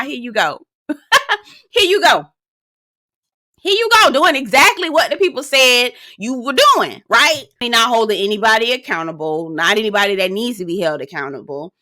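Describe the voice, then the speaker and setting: Recorded at studio quality without echo, this woman speaks in a mid-range voice. Sassy, blunt and quick to swear, she gives a casual reality dating show recap, bringing the cast's quotes to life with lively storytelling.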